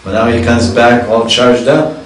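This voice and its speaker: A man's voice: medium pitch, little pitch movement, moderate pace, noisy background. A man teaching a scripture class. He reads verses and then explains them in a chatty way, with chuckles. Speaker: spiritual teacher. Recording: echoey hall, distant mic.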